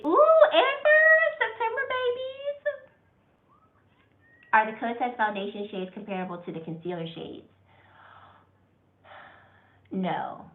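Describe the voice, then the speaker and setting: A woman's voice: medium pitch, fairly bright tone. Chatty woman, echoey room. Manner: chatty, gushing, reads out viewer comments. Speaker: beauty vlogger. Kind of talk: casual livestream Q&A chat.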